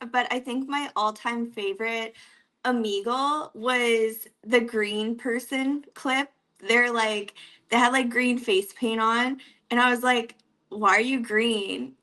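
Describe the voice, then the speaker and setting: A woman's voice: fairly high pitch, measured pace, sharp tone. A young woman from Canada with an East Coast accent, chatting casually as an interview guest, giggling often and using many "like" fillers.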